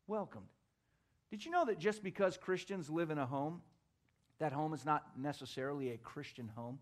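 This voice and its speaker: A man with a notably high voice preaching from the pulpit. He tells a homely story, then drives his points home with emphatic repetition. Middle-aged, a pastor in full sermon mode. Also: animated, normal speed.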